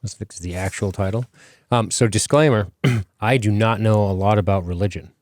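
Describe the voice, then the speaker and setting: Man, podcast host, low voice, dry close sound, rambling casual talk, swears. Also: moderate pace, a little mellow, no echo.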